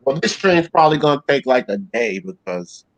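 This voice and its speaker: Man, live stream host, brisk casual talk, dry sound. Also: mid-range voice, big pitch swings, dry recording, low-quality recording. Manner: brisk, calls on people, acknowledges donations. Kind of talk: casual call-in talk show.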